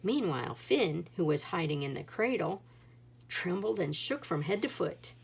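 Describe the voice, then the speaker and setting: A woman reading a folktale picture book aloud in an expressive storybook style, with dramatic rises and drops. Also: lowish voice, normal speed, creaky, slightly rough. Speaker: read-aloud narrator.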